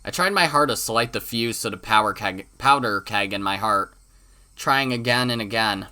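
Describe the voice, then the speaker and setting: A man's voice: on the low side, normal speed, sharp tone. A man reading a visual novel aloud for a let's play, with dramatic delivery, profane asides and the odd stumble over words.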